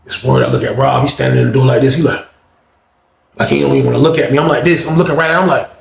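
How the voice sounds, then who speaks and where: An animated man tells a casual story in heavy slang and acts out each line of dialogue. His voice sits at an ordinary middle pitch. The sound is roomy, with a clear echo around him. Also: rapid-fire.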